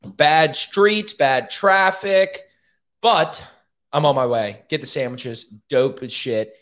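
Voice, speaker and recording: A man's voice: a little high, slow, a bit bright. A man hosting a podcast, telling a story in a casual, profane and self-mocking way. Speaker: podcast host.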